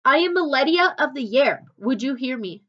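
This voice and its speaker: A woman's voice: sits high, lively intonation, moderate pace, fairly bright tone, muffled recording. A woman voicing a young girl yeti in a storybook reading, earnest and determined.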